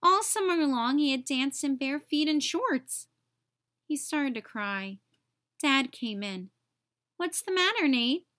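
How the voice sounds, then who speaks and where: A woman teacher narrating a children's picture book aloud, with expressive storytelling. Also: high voice, takes it slowly. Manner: expressive, sing-song storytelling.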